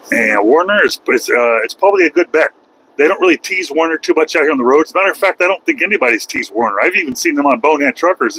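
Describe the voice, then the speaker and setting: A man's voice: medium pitch, a bit bright, slight background noise, rough recording. A middle-aged man, a truck driver, chatting casually and rambling with a folksy manner while driving his truck, swearing now and then. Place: truck cab on the road.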